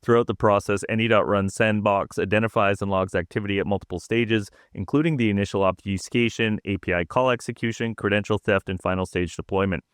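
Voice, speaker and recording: A man co-hosting a cybersecurity podcast, reading prepared intel notes in a dry, steady way. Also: on the low side, a little fast, hardly any pauses, smooth, no echo. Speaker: podcast co-host.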